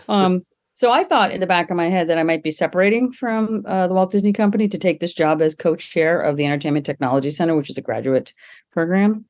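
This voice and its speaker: A middle-aged woman, a guest on an interview podcast, telling lively stories and laughing often as she talks. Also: fast. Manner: lively, acts out quoted people with jumps in pitch. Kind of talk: casual interview storytelling.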